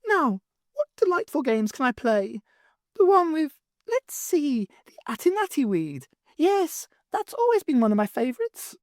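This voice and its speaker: A woman's voice: sits high, sing-song, measured pace, a little mellow, dry recording, clean studio sound, voice pushed up. A woman voicing a mischievous little green male imp in a storybook reading, sing-song and wheedling. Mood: gleeful.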